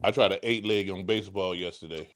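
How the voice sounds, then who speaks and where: Man telling a quick story on a podcast. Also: deep voice, a bit bright, no room sound. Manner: telling stories, playful ribbing. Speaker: podcast co-host. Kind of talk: casual sports chat.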